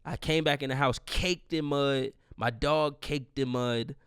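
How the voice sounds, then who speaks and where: A man's voice: mid-range voice, fairly even intonation, measured pace, fairly bright tone, smooth, no echo, studio quality. A man in his twenties hosting a podcast, telling a rambling, profane, grieving story in a casual monologue. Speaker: podcast host.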